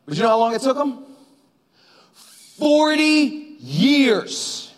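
Man, pastor, high voice, conversational sermon, shouts for emphasis, long church-hall reverb. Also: steady tone, racing. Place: church sanctuary.

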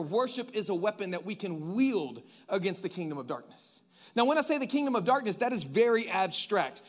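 A man preaching a sermon in a conversational way, joking with the congregation and asking it questions. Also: high-pitched.

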